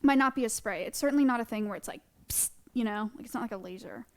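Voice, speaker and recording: A young woman chats casually on a live stream, gushing with affection as she shows off a small creature. Her voice sits a little high, and her talk is loose and full of fillers. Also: fast talker. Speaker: streamer showing sanctuary animals. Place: indoor animal sanctuary room.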